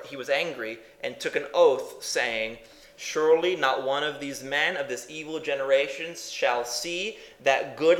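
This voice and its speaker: Guy preaching a sermon, kinda high voice, lots of questions n repeats, roomy echo. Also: fairly bright tone. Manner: emphatic, asks the audience questions and repeats phrases. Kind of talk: sermon teaching.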